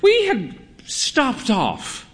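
A frail, proud old lady with eccentric grandeur, as a male narrator puts her on, her voice lifted far up into a quavering falsetto. She draws out her words slowly and theatrically, swooping high on every exclamation. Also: wildly swooping pitch, fairly bright tone, slight background noise, full character voice. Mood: grandly dramatic.

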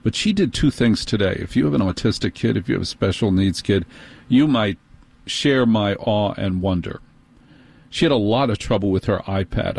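A middle-aged man telling an exasperated comic story in a fast, animated monologue. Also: lowish voice, no echo.

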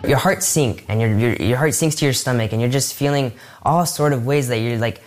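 A man's voice: mid-range voice, a little fast. A teenage man of eighteen speaking earnestly in an interview, with fillers and restarts. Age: late teens. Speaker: interviewee, student. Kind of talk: casual interview answers.

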